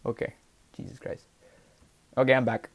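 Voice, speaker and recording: A man's voice: mid-range voice, little pitch movement, normal speed. A teenage boy chatting casually and playfully over a video call, teasing his friend during a word game. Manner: playful, teasing, filler-heavy. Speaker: co-host.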